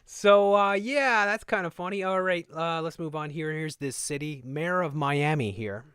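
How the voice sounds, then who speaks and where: A man's voice: fairly high pitch, moderate pace, fairly bright tone, smooth, no room sound, studio quality. A man hosting a live stream, reading news aloud and mocking it with sarcastic asides. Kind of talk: live commentary on news clips.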